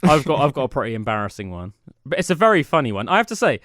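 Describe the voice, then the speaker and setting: A man's voice: mid-range voice, sing-song, very fast, a bit bright, no room sound, clean studio sound. A young man, co-hosting a podcast as a rambling, self-mocking storyteller. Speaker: podcast co-host. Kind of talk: casual chat. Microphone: studio mic.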